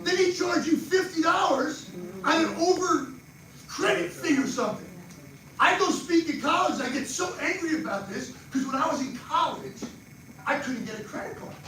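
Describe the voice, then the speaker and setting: An older man with a New Jersey accent gives a live money seminar. He talks fast and animated and quizzes people in the audience. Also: very high-pitched. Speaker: financial speaker. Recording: echoey far-off room mic with noise.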